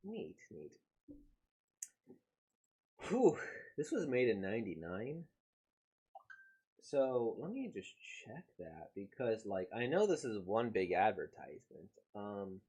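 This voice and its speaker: A man's voice: fairly low pitch, very animated, unhurried, pauses often, darkish tone, slightly rough. A man casually reacting to a comic he is reading aloud, rambling with many fillers.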